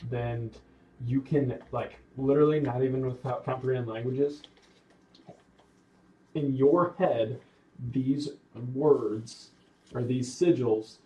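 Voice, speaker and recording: A man narrating as game master of a tabletop game in a relaxed, conversational way, recorded from a distant mic in a roomy space. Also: mid-range voice, takes it slowly, pauses often, muffled recording. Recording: roomy, distant mic, faint background noise.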